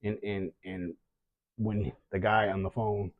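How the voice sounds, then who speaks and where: A man's voice: lowish voice, flat delivery, dry recording, phone-quality sound. A man telling of a scam call, stumbling and repeating words as he goes. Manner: halting, repeats words, many restarts. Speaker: guest sharing a scam story. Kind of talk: emotional retelling.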